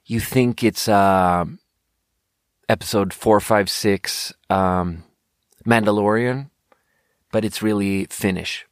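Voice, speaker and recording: A man's voice: fairly low pitch, takes it slowly, pauses often, clean tone, dry recording, clean studio sound. A young man hosting a casual talk show, telling rambling, jokey stories and swearing freely. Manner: rambling, profane, jokey storytelling. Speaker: podcast host reviewing sparkling water. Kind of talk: casual monologue.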